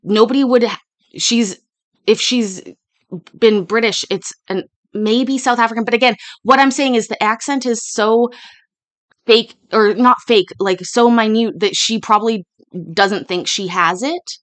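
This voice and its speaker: A woman's voice: fairly high pitch, fairly even intonation, measured pace, dry recording. A woman hosting a casual commentary over court footage, rambling with restarts and asides.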